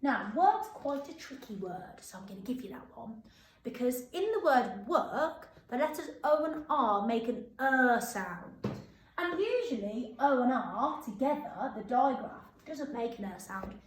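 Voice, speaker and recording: Woman teacher, fairly high voice, echoey room, slow drawn-out dictation. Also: animated, a little hiss or hum. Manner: slow, sing-song, drawn-out words for dictation. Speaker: primary school teacher. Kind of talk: phonics and writing lesson for young children.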